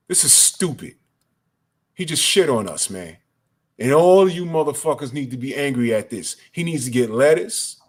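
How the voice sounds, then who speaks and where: A man's voice: medium pitch, expressive, moderate pace. A man giving an angry, profane rant as a boxing commentator. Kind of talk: ranting commentary.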